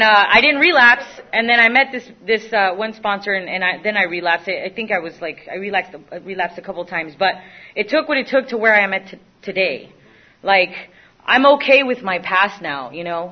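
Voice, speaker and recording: A young woman giving a candid, self-mocking personal recovery testimony, often stopping and restarting her sentences. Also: medium pitch. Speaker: recovery speaker. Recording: dull lo-fi recording.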